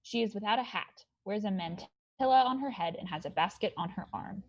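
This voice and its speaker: A woman reading stage directions aloud in an amateur online play reading, in a plain, steady way. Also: mid-range voice, a little fast. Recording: dull lo-fi sound.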